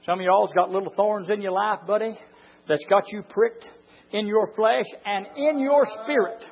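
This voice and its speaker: A man preaching a fiery sermon, swinging from low, close talk to drawn-out shouted lines. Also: slightly rough, highs cut off. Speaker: pastor.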